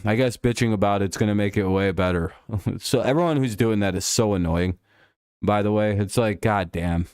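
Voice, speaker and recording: Low-voiced streamer ranting, crisp dry sound. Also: male voice, normal speed, a little mellow, dry recording. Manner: irritated ranting, swears a lot. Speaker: live stream host. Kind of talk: casual live-stream chat over a football game.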